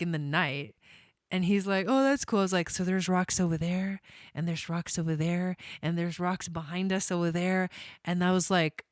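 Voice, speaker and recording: A young woman talks casually on a live stream in a smooth, somewhat low voice. She's bubbly and chatty, laughing often and wandering off on tangents. The sound is dry and close, with no room around it. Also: no echo. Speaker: astrologer doing live readings.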